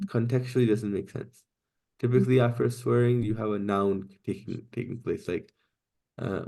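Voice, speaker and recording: A man teaching Quranic Arabic grammar in a class, explaining patiently step by step and reciting Arabic phrases quickly. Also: medium pitch, steady tone, gravelly, warm tone.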